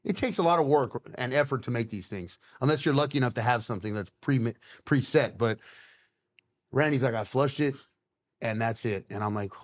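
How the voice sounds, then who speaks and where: A man recounting his past in an easy, casual way, dropping curse words and playing the other people in his story. His voice sits at an everyday pitch. The recording sounds a little muffled and lo-fi. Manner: swearing, quick and animated retelling. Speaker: guest on a podcast. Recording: slightly dull, lo-fi sound.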